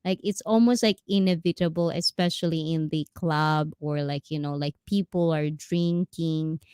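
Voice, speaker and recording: A woman's voice: low-pitched, steady tone, normal speed, mellow, clean tone, no room sound. A woman with a Filipino accent hosting a casual livestream chat, mixing English and Tagalog and laughing often. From Philippines. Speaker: host.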